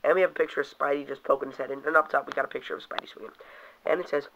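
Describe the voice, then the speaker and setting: A man's voice: medium pitch, fairly even intonation, rapid-fire, vocal fry, fairly bright tone. A young man casually reviewing toys, rambling and cursing now and then, reading comic panels aloud in put-on voices. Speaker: toy reviewer. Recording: dull lo-fi home video audio.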